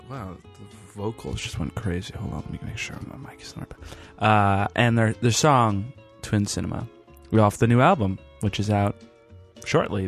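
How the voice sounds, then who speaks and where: A man hosting a podcast in a casual, rambling way, worn out after a long day and pausing often with fillers. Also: on the low side. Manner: rambling, halting, with frequent fillers. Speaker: podcast host.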